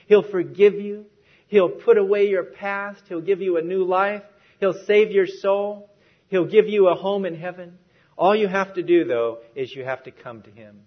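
A man's voice: on the high side, breathy edge, highs cut off. A man preaching a sermon in a church, emphatic and repeating key phrases for stress.

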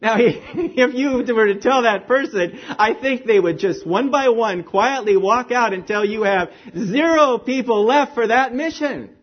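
A man preaching a sermon with animated emphasis, swinging between raised declarations and hushed, quiet phrases. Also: very high-pitched, unhurried, few pauses, muffled recording. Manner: animated, rising and falling emphasis, drops to near-whisper.

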